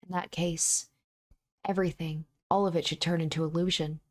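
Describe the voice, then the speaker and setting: A woman reading a visual novel aloud in the first person, in a steady, measured way. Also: deep voice. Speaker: let's play narrator.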